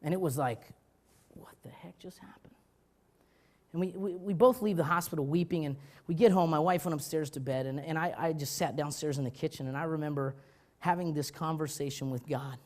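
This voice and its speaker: A male pastor preaching a sermon, telling stories with urgency that drops to hushed tones, often restarting his words. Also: on the high side, fast talker. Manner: animated storytelling, swinging from loud urgency to quiet.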